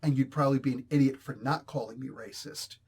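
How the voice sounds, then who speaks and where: A man's voice: mid-range voice, steady tone, fast talker, darkish tone, husky. A man reviewing a comic book in casual commentary, heated and emphatic, often repeating his points.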